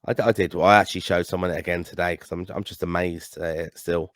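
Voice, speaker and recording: A man's voice: low-pitched, steady tone, quick pace, fairly bright tone, no echo. An Irish man co-hosting a podcast, chatting casually about football with emphatic, blunt opinions. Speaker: podcast co-host.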